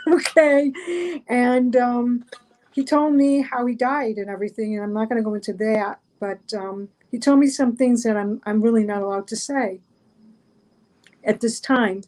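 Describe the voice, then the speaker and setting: A woman's voice: on the high side, warm tone, low-quality recording. A middle-aged woman, a guest on an online chat show, telling a story casually, rambling with many fillers and restarts.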